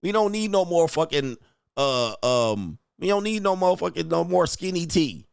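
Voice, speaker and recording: A relationship coach hosts a livestream rant full of profanity and mockery, stressing his points and laughing at his own jokes. His fairly high, smooth voice has lively intonation and some vocal fry at normal speed, in a dry, clean studio recording.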